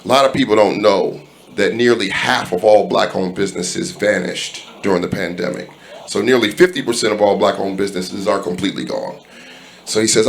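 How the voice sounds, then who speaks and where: A man's voice: lowish voice, fairly quick, gravelly. A man doing stand-up comedy in a club, telling stories and acting out the people in them. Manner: animated storyteller, acts out quoted dialogue. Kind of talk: stand-up storytelling.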